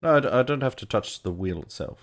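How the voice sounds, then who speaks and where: Co-hosting a casual tabletop wargaming live stream, a man talks playfully to himself while working at a computer. His mid-range voice is animated and his pace is quick.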